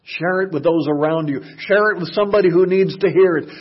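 A man preaching a sermon, dropping to hushed murmurs and rising to loud shouted passages. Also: high voice, fairly quick, slightly rough, muffled recording.

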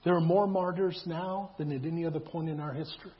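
Guy preaching, high voice, chatty with lots of questions, kinda muffled lo-fi audio. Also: fairly even intonation, fast. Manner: conversational preaching with repeated words and rhetorical questions. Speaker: pastor. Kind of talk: sermon. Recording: dull lo-fi sound.

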